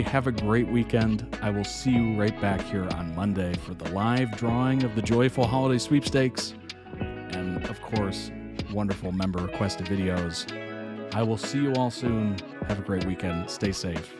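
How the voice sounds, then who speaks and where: A man's voice: on the low side, normal speed, over music. A man hosting a reaction video in casual commentary, laughing often and speaking effusively and upbeat.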